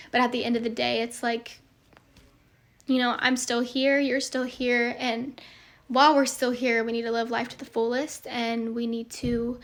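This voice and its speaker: A young woman pours out a heartfelt monologue to her followers, earnest and rambling, full of fillers. Her voice sits fairly high but stays flat, with little rise and fall. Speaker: social media creator.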